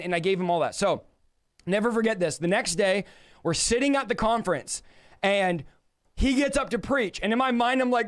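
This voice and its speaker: A man's voice: high-pitched, lively intonation, brisk. A man in his thirties from California telling his personal faith testimony, acting out the quoted dialogue with animation. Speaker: guest sharing a testimony.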